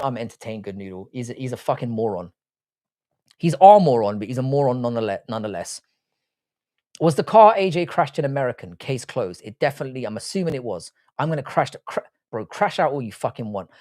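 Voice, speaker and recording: A young man hosts a casual live stream, his voice swinging lively up and down as he talks. He teases his viewers with crude, swear-heavy banter. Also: medium pitch, brisk. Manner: crude, teasing, swears freely. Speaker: livestream host reading chat.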